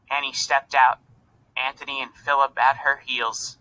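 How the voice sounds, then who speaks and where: A man reading a children's storybook aloud in an expressive narrating voice. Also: medium pitch, a little slow, low-quality recording. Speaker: reader.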